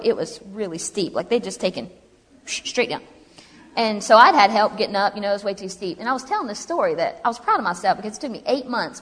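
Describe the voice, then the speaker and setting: Woman, humorous testimony speaker, mid pitch, reverberant hall. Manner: chatty, humorous, animated storytelling. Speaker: speaker telling her story. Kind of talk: personal testimony to a live audience.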